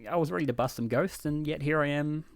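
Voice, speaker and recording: A man's voice: fairly high pitch, fast, gravelly. A man co-hosting a podcast, telling stories in a chatty way with lots of fillers. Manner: animated storytelling with filler words. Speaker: podcast co-host. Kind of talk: casual chat.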